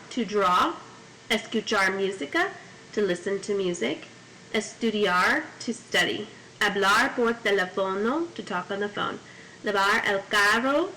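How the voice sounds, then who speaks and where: A woman's voice: medium pitch, bright, forceful tone, a little hiss or hum, low-quality recording. A woman teaching a Spanish class, reading each phrase in Spanish and then in English, and adding memory tips. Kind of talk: classroom vocabulary lesson. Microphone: corded mic.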